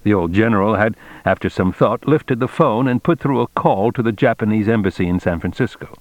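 A man reading a novel aloud as narrator in a measured, steady way. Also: fairly low pitch, dry recording, muffled recording. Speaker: audiobook narrator. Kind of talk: scripted narration.

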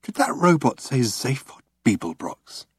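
A man's voice: medium pitch, very animated, measured pace, slightly rough, dry recording, studio quality, voice pushed up. A man doing a bewildered, hesitant traveller. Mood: puzzled.

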